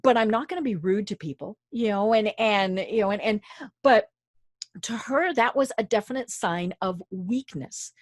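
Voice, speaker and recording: A woman host chatting and telling a personal story, animated and quick to laugh. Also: medium pitch, no echo, clean studio sound. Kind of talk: conversational storytelling.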